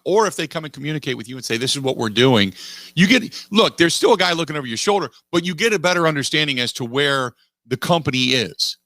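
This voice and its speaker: A middle-aged man hosting a sports talk radio show, making his case in an animated, emphatic way and repeating phrases for weight. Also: fairly high pitch, fast, dry recording. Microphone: studio microphone.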